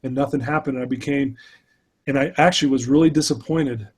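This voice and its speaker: Husky man telling his story earnestly. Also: mid-range voice, fairly quick. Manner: earnest, candid recounting of struggles. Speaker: speaker and addiction mentor. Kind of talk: personal storytelling in an interview.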